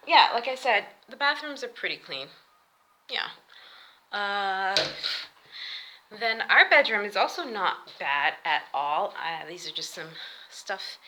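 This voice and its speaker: A woman's voice: medium pitch, sharp tone, a little hiss or hum, low-quality recording. A woman chatting casually as she walks through her house, rambling and laughing often. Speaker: vlogger. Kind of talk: casual home tour vlog. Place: house, indoors.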